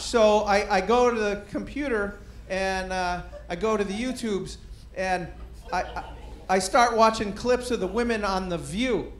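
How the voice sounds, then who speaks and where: A man doing stand-up comedy, telling a self-mocking story in an animated way and acting out bits of dialogue. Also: high voice, normal speed, roomy sound, slight background noise.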